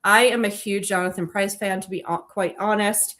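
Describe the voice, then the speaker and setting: A woman's voice: mid-range voice, fairly even intonation, moderate pace, fairly bright tone. A woman co-hosting a casual film discussion, enthusiastic and digressive, often correcting herself mid-sentence. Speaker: podcast co-host and author.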